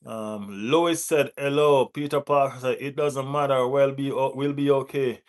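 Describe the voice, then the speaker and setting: A man's voice: mid-range voice, fairly even intonation, normal speed. Football watch-along host, male, West Indian accent, playful banter with the chat, mid-range voice. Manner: banters, gives shout-outs to chat; teasing rival fans, laughing often.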